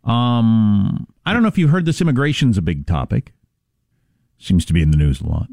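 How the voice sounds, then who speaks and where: Wry talk radio host with a lively voice. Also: male voice, fairly low pitch, moderate pace, vocal fry, dry recording. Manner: dry, wry, conversational.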